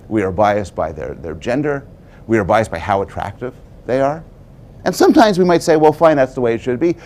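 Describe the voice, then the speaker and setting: A man's voice: mid-range voice, a little mellow. A man giving a prepared public lecture, telling stories wryly and posing rhetorical questions.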